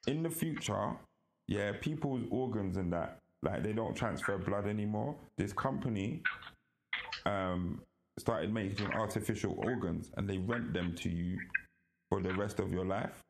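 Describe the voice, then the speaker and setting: A man, co-hosting a podcast in casual chat and telling animated stories with frequent laughter. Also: lowish voice, measured pace, gravelly, noisy background. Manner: animated storytelling, laughs often. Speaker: podcast co-host.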